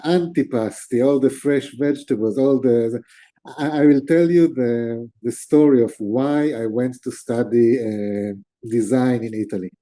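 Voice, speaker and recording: A middle-aged man, an interview guest, telling stories in a relaxed, animated conversational way. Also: mid-range voice. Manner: animated, gestures with hands while talking. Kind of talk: storytelling in conversation.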